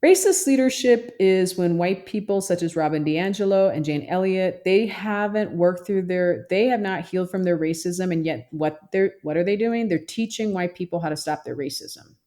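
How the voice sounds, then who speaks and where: A woman's voice: fairly low pitch, normal speed, few pauses, mellow. A woman therapist talking emphatically in a podcast interview, often mimicking other people's voices. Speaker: therapist and social worker guest.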